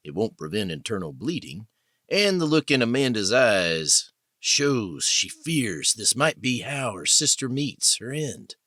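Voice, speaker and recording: A man narrating an audiobook thriller in a measured, descriptive way. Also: mid-range voice, sing-song, a bit bright, dry recording, clean studio sound.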